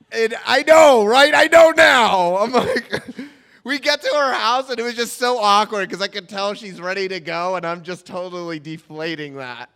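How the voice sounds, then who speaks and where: Young man, comic storyteller, high and gravelly, rambling, long hall reverb. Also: a bit bright. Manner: rambling, self-mocking, halting restarts.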